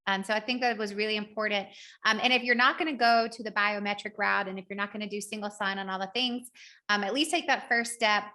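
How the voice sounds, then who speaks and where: A woman's voice: mid-range voice, steady tone, quick pace, sharp tone. A woman with a Southern US accent hosting a podcast, chatty and upbeat, saying y'all often. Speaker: podcast host. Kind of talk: casual podcast talk and recap.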